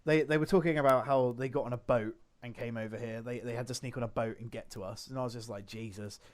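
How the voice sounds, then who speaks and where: A man's voice: mid-range voice, steady tone, quick pace. A young man, a podcast co-host, telling rambling anecdotes in casual chat with lots of swearing.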